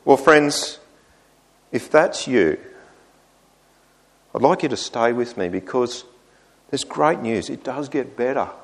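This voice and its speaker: Slow-paced man preaching. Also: vocal fry. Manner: expressive, rises high when voicing the psalmist's complaints. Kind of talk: sermon.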